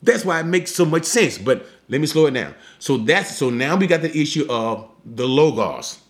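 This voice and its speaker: A man preaching a teaching sermon on scripture, emphatic and slowing down to explain key words. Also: a little high, expressive.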